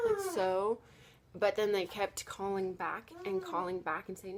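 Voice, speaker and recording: A woman's voice: mid-range voice, lively intonation, a little slow, a little hiss or hum. A young woman vlogging casually, rambling through a story with lots of fillers and quoted asides.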